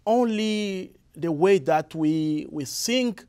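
Young Congolese man, French accent, slightly high voice, hesitant guest answers. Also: expressive, a little mellow, smooth. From Republic of the Congo. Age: young adult. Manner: halting, many restarts and fillers. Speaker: guest musician. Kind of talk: interview answers.

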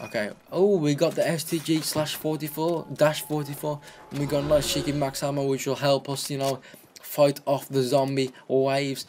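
A young man talks through his gameplay in a loose, rambling way, doubling back on his words as he goes. His voice sits at an ordinary middle pitch. Gunfire and game noise run clearly behind him. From Britain. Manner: chatty, rambling, repeats words and restarts. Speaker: gaming commentator. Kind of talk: casual gameplay commentary.

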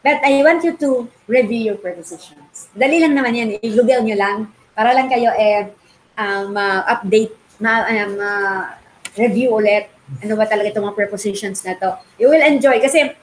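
A Filipino woman teaching a Bible study class, quizzing her students with lively questions and switching freely between English and Tagalog. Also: medium pitch, moderate pace, a little hiss or hum, poor audio. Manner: animated, mixes English and Tagalog.

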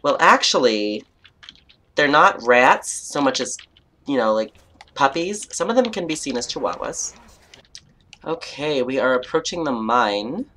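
Playful Canadian woman with a lively voice. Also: very deep voice, measured pace, a little hiss or hum. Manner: playful and chatty, mock outrage, jokey asides. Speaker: let's play host. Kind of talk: gameplay commentary, reading quest text aloud.

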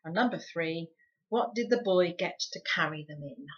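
A woman reading a children's book aloud for a book club, with a lively, dramatic storyteller's delivery. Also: fairly low pitch, moderate pace, husky. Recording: dull lo-fi recording.

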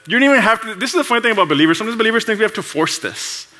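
Bright high-ish guy preaching, chatty and lively, laughs a lot, does little voices for coworkers. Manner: animated and conversational, laughs often; acts out coworkers' voices in quick asides. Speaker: pastor. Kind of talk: sermon.

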